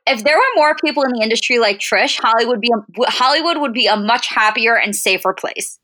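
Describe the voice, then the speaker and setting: A woman's voice: on the high side, brisk, bright, forceful tone, no echo, poor audio. A woman co-hosting a podcast, chatting casually and thinking her answers through aloud. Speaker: podcast co-host. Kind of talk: casual chat.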